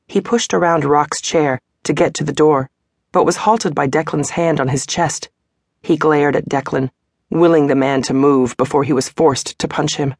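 A woman narrating a romance audiobook in a steady, even storytelling manner. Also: deep voice, normal speed, no echo, studio quality. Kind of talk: scripted narration.

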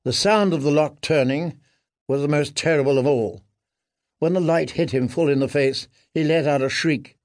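A man narrates an audiobook in a measured, grave voice. His pitch sits a little high for a man. The recording is dry and close. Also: a little mellow, no echo. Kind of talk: scripted narration.

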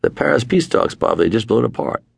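A man voicing an older male statesman in a brisk, urgent manner, pitched well above his own voice. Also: animated, vocal fry, husky, exaggerated voice.

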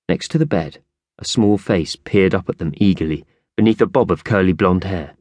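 A man narrating a children's audiobook with expressive storytelling. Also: low voice, moderate pace, dry recording. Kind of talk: scripted narration.

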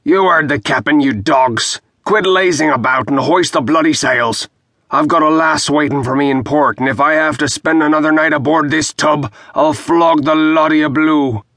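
A man doing a barking rough first mate. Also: mid-range voice, animated, moderate pace, hardly any pauses, sharp tone, no echo, studio quality, voice pushed up. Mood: shouting. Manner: barking, blunt orders. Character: rough limping male first mate, blunt and loud.

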